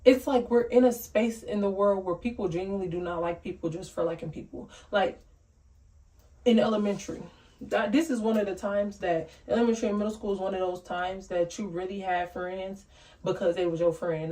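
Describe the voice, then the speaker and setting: A woman's voice: mid-range voice, steady tone, fairly quick, mellow. A young woman vlogging in a casual talk to camera, blunt and candid, ranting from the heart. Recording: voice a bit distant from the mic.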